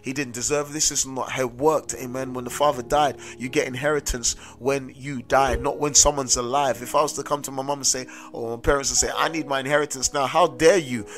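A South London street preacher delivers a sermon with personal testimony, a little fast and with steady, earnest conviction, his voice at an ordinary middle pitch. He keeps repeating "amen" and "listen to me," while music plays clearly under his voice.

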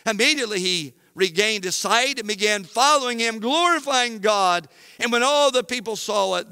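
A man pastor preaching an emphatic sermon, rising to shouts at key points, in a church sanctuary. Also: sits high, smooth, no echo, clean studio sound, in a large hall.

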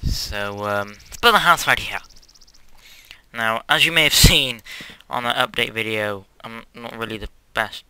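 Hyperactive young guy, very bright voice. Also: medium pitch, measured pace, clean tone, no echo, poor audio. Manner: hyperactive, rambling, self-mocking, bursts of squeals. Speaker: Let's Play host. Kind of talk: casual gameplay commentary. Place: quiet house at home.

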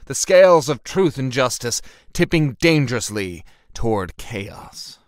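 Animated male audiobook narrator. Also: medium pitch, no echo, studio quality. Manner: animated, dramatic storytelling.

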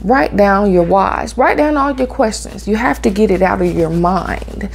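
Woman, gravelly, faint background hiss, personal talk to camera. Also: medium pitch, unhurried. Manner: heartfelt, conversational, repeats phrases. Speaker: vlogger.

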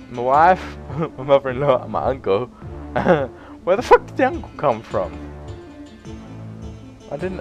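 A man giving sweary, excitable let's play commentary, breaking into loud yelps between muttered remarks. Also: medium pitch. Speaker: gaming YouTuber.

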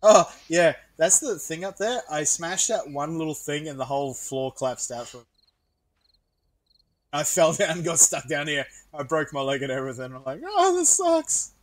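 A young man chatting casually while playing a co-op video game, excitable and quick to yelp and laugh. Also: a little high, a little hiss or hum. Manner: excitable, yelps and laughs at scares. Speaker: gaming YouTuber. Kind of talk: casual co-op gaming chat.

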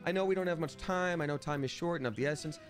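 A man's voice: on the high side, fast. A man streaming a video game with casual, playful commentary and silly asides. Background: game music.

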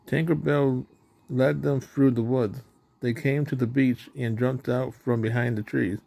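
Gravelly man reading a storybook. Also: mid-range voice, dark tone. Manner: plain reading, with slips and restarts. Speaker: storybook reader. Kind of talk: reading a children's storybook aloud.

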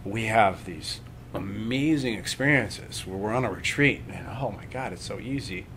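A man leading a live workshop on breathing and meditation, talking calmly and conversationally and often checking in with his listeners. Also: on the low side, moderate pace, creaky, noisy background. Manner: calm, conversational, checks in with "right?".

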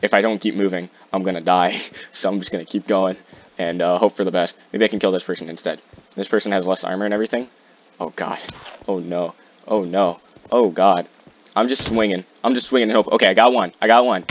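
A man giving live commentary while playing a game, excitable and quick to repeat himself in bursts. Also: deep voice. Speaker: gaming YouTuber. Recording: muffled lo-fi mic with faint hiss.

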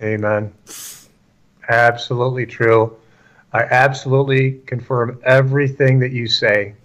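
A man co-hosting a religious talk show, speaking in a measured, affirming way. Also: medium pitch, steady tone, a bit bright.

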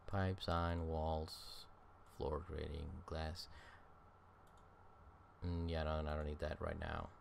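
A man's voice: extremely low pitch, little pitch movement, slow, gravelly, pauses often, slight background noise. A man giving casual let's-play commentary, thinking aloud with lots of ums and uhs, sounding tired. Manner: rambling, thinking aloud with many fillers. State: tired, yawning. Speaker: game streamer.

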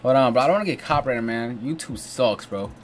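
A young American man hosts a reaction video, speaking at medium pitch and a quick pace. His commentary is casual, slangy and exclamatory, constantly using "bro" and "you know what I'm saying," with faint music from the video he's watching in the background.

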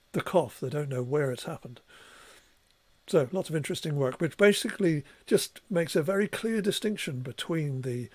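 A man lectures in a steady, explanatory way, pausing now and then to clear his throat. His voice sits a little higher than most men's. The sound is dry, with no room around it. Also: dry recording. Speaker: professor giving a tutorial. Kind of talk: recorded lecture.

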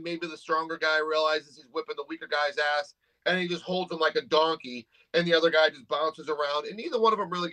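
Man, New England accent, bright higher voice, blunt and profane, casual podcast co-host. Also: rough recording. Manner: blunt, swears freely, joking. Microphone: studio microphone.

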